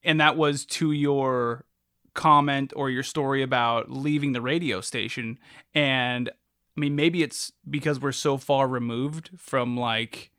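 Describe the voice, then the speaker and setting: A man's voice: medium pitch, steady tone, a little slow, sharp tone, smooth, no echo. Laid-back man hosting. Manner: laid-back, encouraging listener with short affirmations. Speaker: podcast host. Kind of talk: casual interview. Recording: dry close sound.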